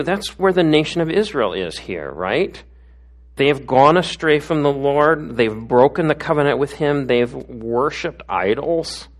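A middle-aged man giving a conversational sermon as a pastor, often tossing in tag questions. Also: mid-range voice.

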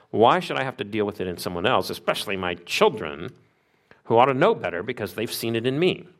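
Lively low-voiced man preaching. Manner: conversational, asks the congregation questions. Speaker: pastor. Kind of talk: sermon.

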